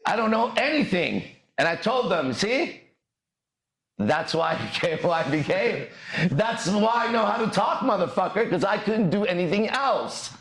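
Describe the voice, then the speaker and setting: A man's voice: sits high, sing-song, moderate pace. A man hosting a podcast and giving a profane, swaggering motivational monologue. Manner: swaggering, profane, bursts into shouted lyrics. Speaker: podcast host and dating coach. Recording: echoey room.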